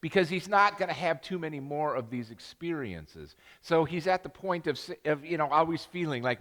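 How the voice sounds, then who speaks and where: Grandfatherly pastor with lively, rambling delivery. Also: a little high, normal speed, long reverb tail. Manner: rambling storytelling with many restarts and asides; self-deprecating humor. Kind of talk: sermon. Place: church sanctuary.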